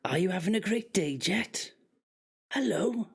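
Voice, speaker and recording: A woman putting on a breathy, prim English lady. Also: medium pitch, lively intonation, measured pace, a little mellow, heavily acted. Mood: cooing.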